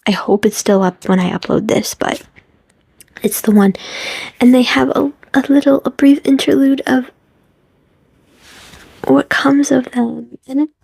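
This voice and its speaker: Young woman vlogger, slow and husky, a gushing movie recap with lots of whispered asides. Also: high voice, steady tone, a little mellow, no room sound. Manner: gushing, often drops into whispers, acts out quotes.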